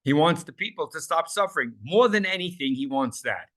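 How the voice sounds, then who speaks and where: A man leads a Bible class in a somewhat high voice. He talks with passion, repeating words and restarting sentences as he builds a point. His voice leaps up sharply whenever he quotes a plea. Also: lively intonation, a little fast, fairly bright tone. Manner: passionate, voice leaps high when quoting pleas. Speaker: Torah teacher.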